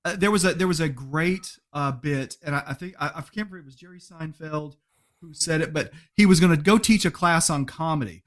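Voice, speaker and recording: A man with a fairly high speaking voice talks as a podcast guest. He tells stories with animation, laughs often and acts out little quotes as he goes. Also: a little fast. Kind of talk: casual interview chat.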